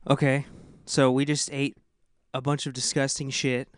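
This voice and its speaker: A man's voice: medium pitch, flat delivery, normal speed, slight background noise. A young man in casual podcast chat, blunt and crude, joking with his friends. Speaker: podcast co-host.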